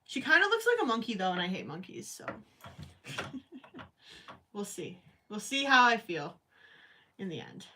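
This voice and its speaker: A woman's voice: medium pitch, huge pitch swings, moderate pace, pauses often, sharp tone, slight background noise. A woman hosting a crochet livestream at home, rambling and thinking aloud as she works and chats with viewers. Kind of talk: casual chat while crocheting, reading live chat.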